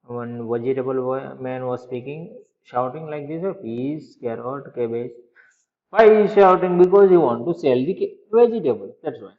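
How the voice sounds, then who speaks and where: A man's voice: medium pitch, normal speed, hardly any pauses. A male teacher explaining a children's story, often asking the class a question and then answering it himself. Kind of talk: explaining a school story to young pupils. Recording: echoey room, dull lo-fi sound.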